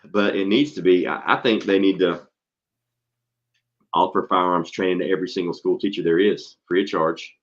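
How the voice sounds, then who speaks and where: A man's voice: low-pitched, normal speed. A man, a schoolteacher and host, telling stories in casual, profanity-laced chat. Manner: blunt, swears freely, tells stories animatedly. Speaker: podcast host and school teacher. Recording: dull lo-fi recording.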